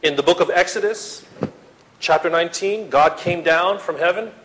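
Male pastor, somewhat high voice, dramatic sermon delivery with big dynamic swings. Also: moderate pace, poor audio. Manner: dramatic, swings from loud to hushed, acts out quotes.

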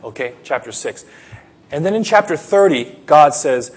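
A man preaching at a baptism, earnest, swinging from quiet teaching to loud pleading prayer. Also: a little high, animated, normal speed. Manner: earnest, rises to loud pleading prayer then drops soft. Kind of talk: sermon.

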